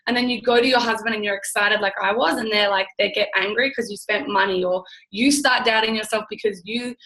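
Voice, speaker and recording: A young woman guest chatting excitedly on a live stream, full of gushing enthusiasm and quick restarts. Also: on the high side, low-quality recording. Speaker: guest, network marketing business builder.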